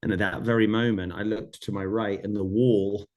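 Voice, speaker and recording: A man's voice: lowish voice, level tone, normal speed, darkish tone. A middle-aged man, a podcast guest, earnestly retelling a personal story in vivid detail, often repeating phrases.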